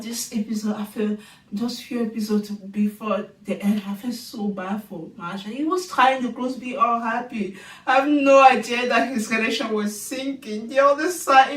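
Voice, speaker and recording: An animated woman recapping a reality show in a casual chat, with lots of exclamations and rhetorical questions. Her voice sits a little high. She sounds set back from the mic in a roomy, echoey space. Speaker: TV show reviewer. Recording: echoey room, distant mic.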